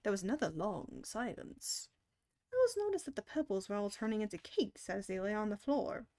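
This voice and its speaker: A woman reading a children's book aloud on a stream in an expressive, animated way. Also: mid-range voice, normal speed. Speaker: storyteller.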